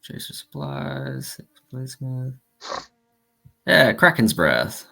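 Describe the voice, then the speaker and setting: A man running a tabletop game as game master, narrating in a relaxed, hesitant way. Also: on the low side, slow, vocal fry.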